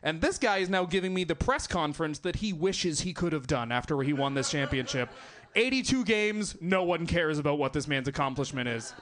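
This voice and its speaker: A man's voice: fairly high pitch, animated, a little fast, a bit bright. A young man doing stand-up comedy on a club stage, chatting with the crowd and laughing between jokes.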